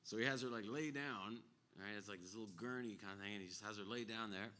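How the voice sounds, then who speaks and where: A man's voice: on the low side, fast, sharp tone. A man on stage telling a long story in a loose, rambling way between songs. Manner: rambling, loose, full of fillers and asides. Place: live music venue.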